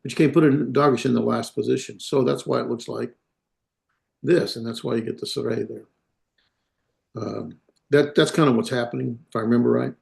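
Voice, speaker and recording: A man's voice: mid-range voice, fairly even intonation, creaky, a little mellow. Man lecturing with many fillers. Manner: halting, many fillers and self-corrections. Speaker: instructor. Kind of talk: classroom lecture.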